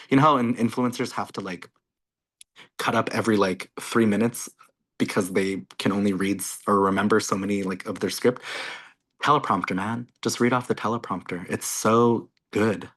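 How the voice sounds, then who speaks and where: A Canadian man, a content creator speaking as a guest, chatting casually and excitedly on a video call, full of "like" and "you guys". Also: on the low side.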